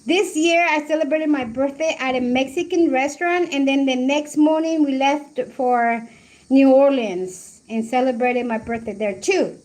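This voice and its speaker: A woman's voice: high voice, moderate pace, a little mellow. A woman in her forties from Colombia, a livestream host chatting casually, laughing often and reminiscing while she reads the live chat.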